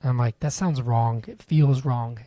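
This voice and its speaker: A man's voice: mid-range voice, measured pace, dark tone, dry recording. A young man co-hosting a podcast, chatting casually and joking around with wheezy laughs. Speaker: podcast co-host. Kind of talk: casual chat.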